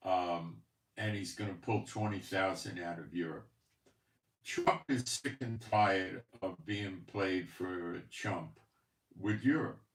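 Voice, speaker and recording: A man's voice: sits low, creaky. Male host, preachy commentary delivered with rhetorical questions, reverberant room. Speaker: channel host. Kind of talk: commentary monologue. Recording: echoey room.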